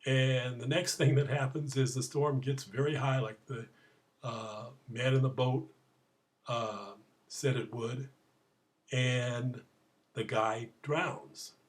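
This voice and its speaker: A man addressing his audience in a casual spoken message, pausing often with "uh" and telling jokes, with loud, high acted-out cries for the people in his stories. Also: steady tone. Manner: halting, many "uh" fillers, acts out quoted voices loudly. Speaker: program creator telling stories.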